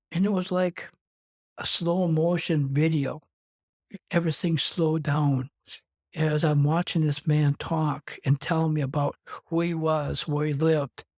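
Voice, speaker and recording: Interview guest: man from Wisconsin, slightly high, steady voice, recounting his life in a loose, run-on way. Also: dry recording. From Wisconsin, USA. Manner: rambling, conversational, strings clauses with "and". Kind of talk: personal storytelling in an interview.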